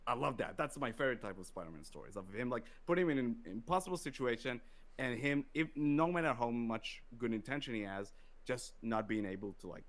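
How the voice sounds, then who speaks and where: Podcast host guy going off excitedly, lots of "like", normal pitched voice. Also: brisk. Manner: excitable, ranting, many fillers. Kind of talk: casual podcast chat.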